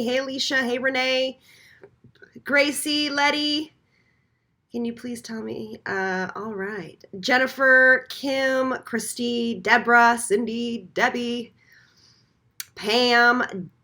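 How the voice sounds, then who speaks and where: A woman's voice: fairly high pitch, sharp tone. A woman hosting a live stream, chatting casually and greeting viewers one by one by name. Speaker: beauty channel host.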